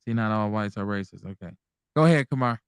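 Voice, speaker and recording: A man hosting a call-in radio show, talking candidly and bluntly, full of profanity and lively emphasis. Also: fairly low pitch, fast, smooth, no echo. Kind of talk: casual call-in radio talk.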